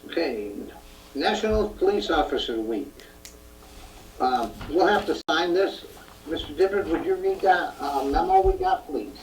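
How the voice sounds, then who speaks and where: A man's voice: fairly high pitch, lively intonation, unhurried. A man chairing a town board meeting, giving brief easygoing prompts. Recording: distant mic with faint hum.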